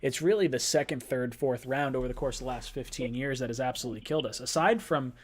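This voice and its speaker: Chatty male sports podcast host. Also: mid-range voice. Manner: chatty, quick bursts of speech; lively and playful with chat. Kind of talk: live-stream sports chat.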